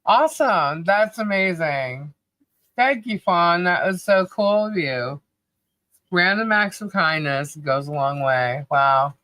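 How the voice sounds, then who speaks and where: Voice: mid-range voice, takes it slowly, bright, forceful tone, dry recording. A podcast co-host in casual chat, talkative, laughing often and breaking into bits of song. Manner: chatty, laughs often, sings snatches of songs.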